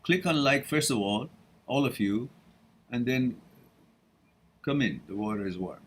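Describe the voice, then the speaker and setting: A man's voice: medium pitch, lively intonation, a little slow, a bit bright, slight background noise. Blunt man hosting a live Q&A. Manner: blunt, frank, swears casually, laughs often. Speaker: host answering viewer questions. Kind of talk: live-stream Q&A.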